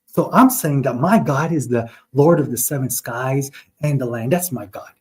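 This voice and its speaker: A man's voice: medium pitch, normal speed, breathy edge. A man hosting a live online religious talk, arguing with viewers in the chat in a mocking tone and breaking into quoted Arabic verses. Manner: argumentative, mocking, talks straight to viewers.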